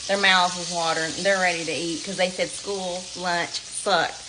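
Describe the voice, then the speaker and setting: A middle-aged home cook from the American South talks in a fairly low, steady voice at a normal pace, chatting casually with a Southern accent as she demonstrates a recipe in her kitchen. She's down-to-earth and calls her viewers "y'all." The background is noisy with oil frying and sizzling.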